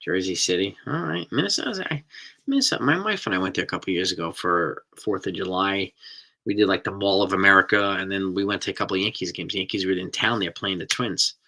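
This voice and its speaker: Chatty low-voiced New man. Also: quick pace, vocal fry, sharp tone. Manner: chatty, rambling, enthusiastic about food. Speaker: host reading live chat. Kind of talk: casual live-stream chat.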